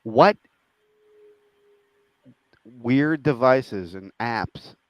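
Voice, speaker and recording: A man's voice: medium pitch, animated, no echo, lo-fi sound. Earnest man, dry close sound. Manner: earnest, searching, halting restarts. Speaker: podcast co-host. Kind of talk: casual chat.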